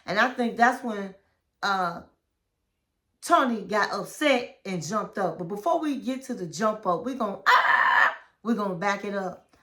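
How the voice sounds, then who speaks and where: A woman's voice: medium pitch, lively intonation, measured pace, sharp tone. A woman hosting a casual reality TV recap, telling the story in a chatty, gossipy way and acting out what people said. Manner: chatty, gossipy storytelling that acts out quoted lines.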